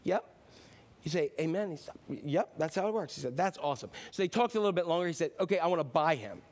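A man preaching a sermon as pastor, telling a joke with lively character voices. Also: on the high side, fast talker. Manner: animated storyteller, voices characters.

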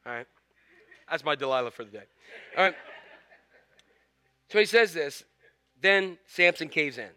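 A male pastor preaching a sermon in a lively storytelling manner, acting out scenes. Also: on the high side, normal speed, long pauses, clear, resonant tone. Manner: animated storytelling, acts out scenes.

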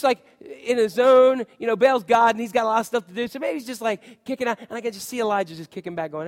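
A man preaching a sermon who tells the story in a humorous, animated way and jokes with the congregation. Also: high-pitched, fairly quick, big-room sound. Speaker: pastor.

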